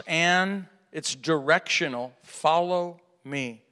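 Bright-voiced man preaching in a hall. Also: high-pitched, expressive, unhurried. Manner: dramatic, swings from hushed to loud, rhetorical questions. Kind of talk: sermon. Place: large hall with an audience. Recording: reverberant hall.

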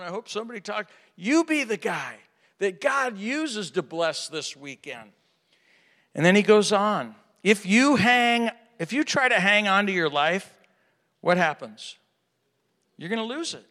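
A man preaching a sermon to a live audience, asking rhetorical questions and swinging from hushed to loud. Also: high-pitched. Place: large hall with an audience. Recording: reverberant hall.

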